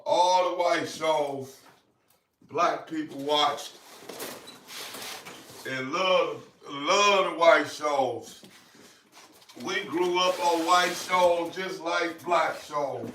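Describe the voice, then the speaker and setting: A man plays a host scolding a puppy in chanted, sing-song repeats. His voice is bright and slow. It sounds roomy and far from the mic, with a light hiss underneath. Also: on the high side. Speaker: dog breeder hosting a livestream. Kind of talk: casual livestream chat. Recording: echoey room, distant mic, faint noise.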